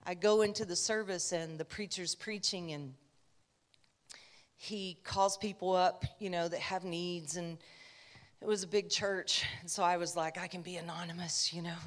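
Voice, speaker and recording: A woman's voice: on the low side, fairly even intonation, normal speed. A woman preacher giving a conversational sermon, telling a personal story with chatty asides.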